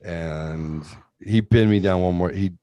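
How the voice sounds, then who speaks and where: Deep-voiced man telling a rambling story. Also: takes it slowly, dry recording, dull audio. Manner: profane, rambling, animated retelling. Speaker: podcast host. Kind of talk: casual storytelling.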